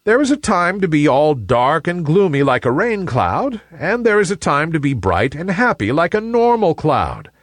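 A man voicing a wise, kindly male sun in a children's story, speaking gently and in a measured way. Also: a little high, very animated, no echo, studio quality, voice pushed up. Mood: gentle.

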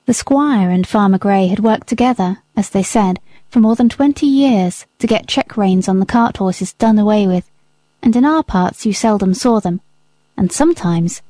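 Mellow woman reading an audiobook. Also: medium pitch, normal speed, dry recording. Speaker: audiobook reader. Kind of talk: scripted narration.

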